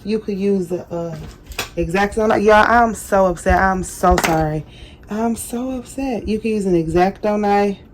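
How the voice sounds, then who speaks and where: A woman's voice: lowish voice, darkish tone, slight background noise. A woman hosting a casual craft how-to, chatty and self-deprecating, often apologizing. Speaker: craft tutorial host.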